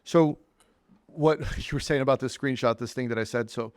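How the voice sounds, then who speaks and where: A man's voice: medium pitch, normal speed, a little mellow, no echo. A man hosting a podcast talks plainly and firmly in casual conversation. His voice is recorded close and dry, with no room sound. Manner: blunt, emphatic opinions. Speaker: podcast host.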